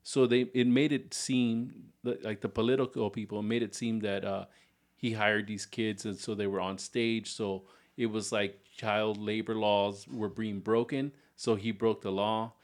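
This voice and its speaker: A man with a low voice tells a story on a laid-back podcast. He rambles through it one "so" at a time, with a relaxed, easy delivery. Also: a little slow. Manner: relaxed, rambling retelling with restarts and "so". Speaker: podcast co-host.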